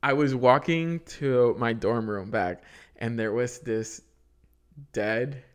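A man's voice: medium pitch, slow, clean tone. A young man co-hosting a podcast, chatting casually and laughing through his own stories in a self-mocking way. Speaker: podcast co-host. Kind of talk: casual chat.

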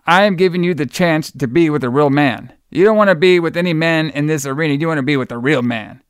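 A man's voice: fairly high pitch, fast, clean tone, no echo, clean studio sound, natural voice. A man doing a brash, swaggering wrestler. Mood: cocky, outraged. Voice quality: brash, taunting. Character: cocky swaggering male pro wrestler, boastful.

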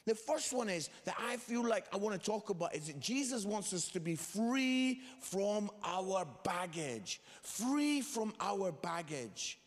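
A man's voice: high-pitched, measured pace, few pauses. A man preaching a sermon to a room of students, telling funny stories and acting out the voices in them. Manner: animated, acts out voices in his stories. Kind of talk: sermon with comic storytelling. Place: large hall. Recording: long hall reverb.

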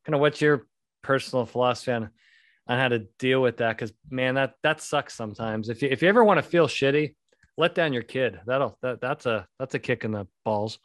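A man's voice: medium pitch, a little fast, a bit bright, no echo. Middle-aged guy rambling n joking on his podcast, dry close sound. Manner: rambling, joking, self-deprecating storyteller. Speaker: podcast host. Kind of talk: casual podcast chat. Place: home podcast studio.

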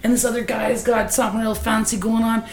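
A woman from Canada chatting casually on a podcast, telling animated, swear-filled stories about baking. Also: fairly high pitch, fast talker, vocal fry. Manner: profane, animated storyteller. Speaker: guest baker. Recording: echoey room.

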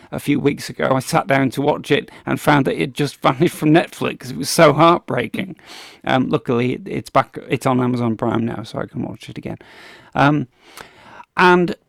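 Gravelly man chatting on a podcast. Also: a little high, no room sound, studio quality. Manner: rambling, many restarts and ums, laughs often. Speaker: podcast host. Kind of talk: casual podcast chat.

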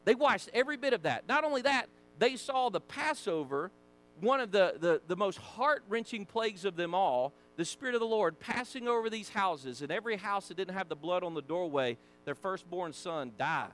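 A man with a Southern American accent teaching a Sunday school lesson, folksy and animated, acting out the people in the story. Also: high-pitched, moderate pace. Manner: animated, acts out voices, folksy asides. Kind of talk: casual Bible teaching.

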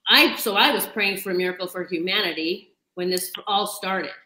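Emotional woman host, bright and echoey. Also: mid-range voice, moderate pace. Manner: emotional, tearful, with laughs. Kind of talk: casual interview chat.

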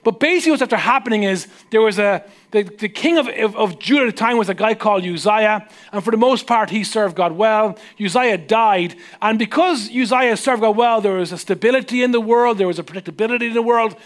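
High-voiced Irish pastor preaching. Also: male voice. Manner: conversational, asks the audience questions; slows down and drops to a hush for emphasis. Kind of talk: sermon.

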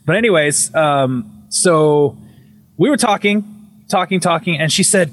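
Speaking at a measured pace, a young man spins a ghost story on a laid-back podcast, full of energy and profanity. He often breaks off to restart a phrase and leaps higher in pitch when quoting his own words.

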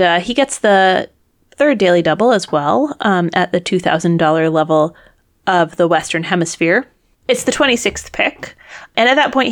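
A woman co-hosting a casual podcast, analytical, explaining trivia and wagering strategy. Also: mid-range voice. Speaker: podcast co-host. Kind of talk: casual game-show recap chat.

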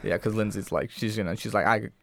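A man's voice: lowish voice, fast, creaky. Laid-back man on a podcast. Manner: retells scenes acting out characters' lines. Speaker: podcast co-host. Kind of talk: casual chat.

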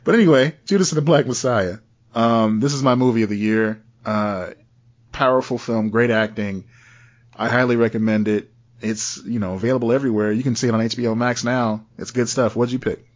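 A man co-hosts a podcast in relaxed, rambling conversation, laughing easily between points. His voice sits at an ordinary middle pitch. The recording sounds slightly dull and lo-fi. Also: brisk. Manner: chatty, laughs often, loose asides. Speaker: podcast co-host. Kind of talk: casual chat.

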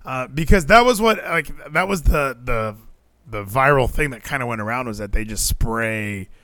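Here a male podcast host rambles along casually, animated and full of jokes. He speaks at a moderate pace in a medium-pitched voice, with no room sound on the recording.

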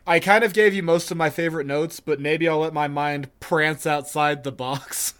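A male podcast co-host in casual chat, profane and emphatic. He rants with blunt force and throws curses into nearly every line, in a voice pitched a touch above the usual man's. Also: steady tone, normal speed, fairly bright tone, smooth.

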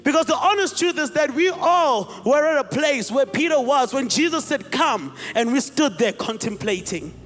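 A male pastor preaching with a very high voice, retelling a scene in lively, animated storytelling. He slips into acted-out voices and calls out to the congregation. His voice rings through a reverberant hall over faint music. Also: moderate pace, hardly any pauses. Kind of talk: sermon.

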